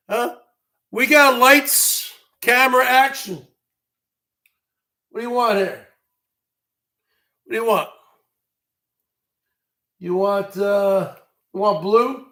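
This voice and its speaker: A man hosting a livestream, ranting and mocking viewers, often breaking into shouts. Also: very high voice. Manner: mocking, scolding, bursts into shouting. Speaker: livestream show host.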